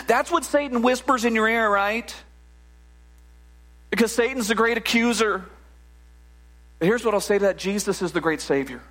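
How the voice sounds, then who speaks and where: High-voiced, animated male preacher. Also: moderate pace, pauses often. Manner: animated and conversational, with frequent restarts and "right?" asides. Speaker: pastor. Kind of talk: sermon.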